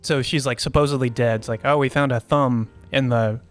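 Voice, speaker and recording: A man's voice: mid-range voice, fairly even intonation, a little fast, faint music behind. A man co-hosting a podcast, chatting casually about a movie, laughing often and rambling through fillers. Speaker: podcast co-host. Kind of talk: casual movie review chat.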